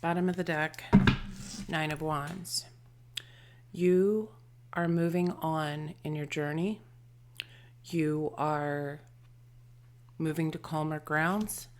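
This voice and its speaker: Slow, low-voiced gentle woman reading tarot. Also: fairly even intonation. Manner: gentle, affectionate, trailing off with soft murmurs. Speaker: tarot reader and channeler. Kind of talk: intuitive tarot and charm reading.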